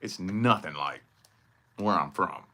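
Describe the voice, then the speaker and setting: A man's voice: low-pitched, measured pace, bright, forceful tone, slight background noise. A man from southern Indiana with a slight country twang, giving a rambling, profane casual monologue on his vlog. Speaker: vlogger.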